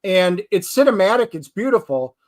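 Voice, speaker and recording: A man talking casually about movies as a guest, telling stories with lively quoted asides. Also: high-pitched, normal speed. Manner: animated storytelling, quotes himself and his wife.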